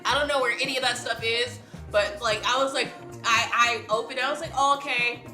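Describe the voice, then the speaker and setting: A woman's voice: fairly high pitch, fairly even intonation, a little fast, sharp tone. A woman streamer with a stuffy nose, chatting casually and swearing often. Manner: chatty, swears a lot, says "dude" often. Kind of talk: casual chat. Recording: echoey room with music playing.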